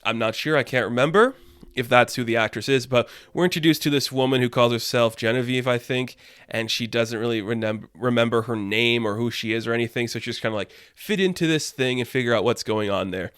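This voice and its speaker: Young male channel host, casual and gushing, mid-pitched, dry mic. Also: brisk, fairly bright tone, smooth, no echo. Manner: enthusiastic, rambling, lots of "like". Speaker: YouTube reviewer. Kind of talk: casual TV episode review.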